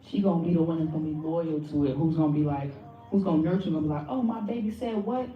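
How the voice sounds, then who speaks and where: A woman giving a blunt, animated workshop talk to a live audience, swearing freely and speaking straight to the crowd. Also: deep voice, very fast. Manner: blunt, profane and animated, addresses the audience directly. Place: lecture room with an audience. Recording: phone-like audio from far in an echoey room.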